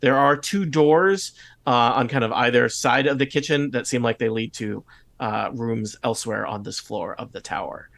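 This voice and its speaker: A man narrating a tabletop game as game master, relaxed and hesitant, with many fillers. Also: medium pitch, normal speed, creaky, no room sound.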